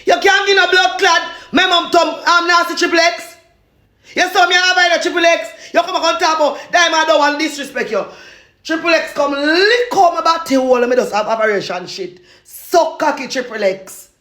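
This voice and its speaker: A Jamaican woman in a loud, repetitive, cursing rant, laughing between insults. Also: high-pitched, moderate pace, roomy sound.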